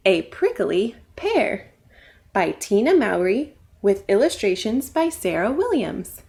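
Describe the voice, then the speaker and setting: A woman's voice: mid-range voice, very animated, slow pace, vocal fry, a little mellow. A woman librarian reading a picture book aloud at storytime, asking the kids questions. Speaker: children's librarian. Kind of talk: children's storytime read-aloud.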